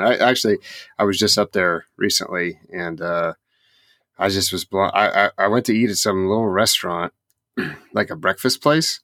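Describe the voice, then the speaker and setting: A man's voice: low-pitched, bright, forceful tone, no echo, studio quality. A man co-hosting a podcast, talking in rambling casual chat, laughing often and restarting his sentences. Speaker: podcast co-host.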